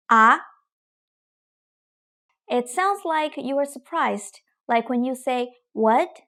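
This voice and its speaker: A woman teaching tones in a patient, clear lesson style. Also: sits high. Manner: patient, drills tones with long sung vowels. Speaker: Mandarin teacher. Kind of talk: clear, slow pronunciation lesson.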